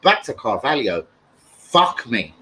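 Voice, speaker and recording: A young man chatting casually and excitably on a live stream, swearing freely as he reads chat. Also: medium pitch, slow, slight background noise, poor audio. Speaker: fan channel live streamer.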